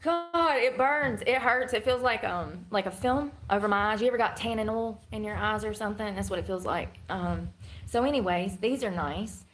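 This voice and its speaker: A woman's voice: mid-range voice, fairly quick, a little hiss or hum, low-quality recording. A woman streaming live, chatting in a candid, rambling, slangy way and laughing often. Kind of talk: casual live-stream chat.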